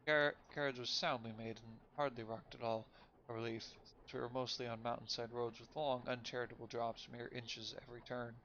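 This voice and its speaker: A man reading a story game aloud for a stream, reading quickly and often stumbling and correcting himself. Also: medium pitch, flat delivery, a bit bright. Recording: lo-fi with faint noise.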